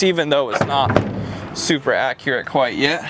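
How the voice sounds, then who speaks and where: A young man casually vlogging about a truck build, relaxed and peppered with "dude". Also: mid-range voice, moderate pace. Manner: laid-back, says "dude" a lot. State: out of breath. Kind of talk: casual shop vlog talk. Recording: noisy outdoor camera audio.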